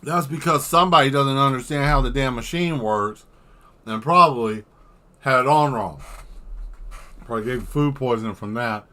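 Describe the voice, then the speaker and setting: Bright-voiced man ranting comically. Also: mid-range voice, normal speed, pauses often. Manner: rambling comic rants with exaggerated outbursts; swears freely. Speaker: artist streaming while drawing. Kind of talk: casual livestream chat.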